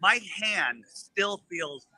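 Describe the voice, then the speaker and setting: A man telling a story in casual chat, animated and acting out the lines of the people in it. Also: sits high, drawn-out words, no room sound, rough recording. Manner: animated, acts out quoted dialogue. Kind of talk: casual storytelling on a live stream.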